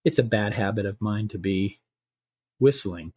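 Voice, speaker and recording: A man speaking as a calm, chatty stranger in an elevator, polite and quietly probing in an everyday voice. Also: lowish voice, measured pace, breathy edge.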